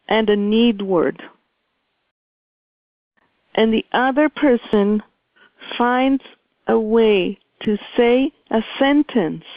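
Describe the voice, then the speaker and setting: A woman leading a communication workshop, speaking in a measured, deliberate way with many pauses. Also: a little high, no room sound. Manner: measured, deliberate, pausing often. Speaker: workshop facilitator. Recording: dry, phone-like line.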